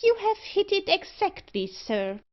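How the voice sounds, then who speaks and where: A woman voicing a meek, strange little old man who answers mildly and quietly. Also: very high-pitched, big pitch swings, a little slow, voice pushed up, heavily acted. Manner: mild and quiet. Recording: slightly dull audio.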